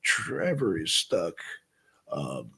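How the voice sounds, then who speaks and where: Low-pitched and slightly rough, with vocal fry and drawn-out words, a man hosts a live stream and chats casually with viewers. He reads chat names aloud, fires off questions, and is animated, bursting into shouted questions and muttering to himself.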